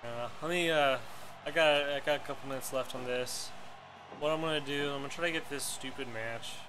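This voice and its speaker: A man's voice: mid-range voice, fairly quick, background noise. A man streaming live, rambling casually and chuckling to himself as he plays. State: winded. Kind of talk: casual live-stream commentary while gaming.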